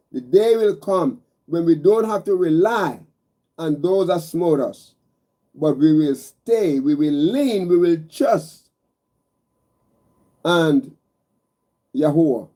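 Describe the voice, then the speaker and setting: A man's voice: on the high side, warm tone. A man preaching a meditative sermon, repeating phrases and calling his listeners brothers and sisters, stacking emphatic single words.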